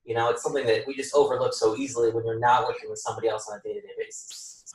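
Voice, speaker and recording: A man's voice: medium pitch, very fast. Man telling stories on a distant, roomy mic. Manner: lively storyteller who acts out quoted dialogue and laughs often. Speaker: home inspector guest. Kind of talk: podcast interview storytelling.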